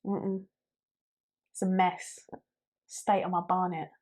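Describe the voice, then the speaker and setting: A woman's voice: on the low side, flat delivery, takes it slowly, a little mellow. A woman in her thirties from Britain, co-hosting a podcast in casual chat and explaining slang with playful acted-out examples. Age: 30s. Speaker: podcast co-host.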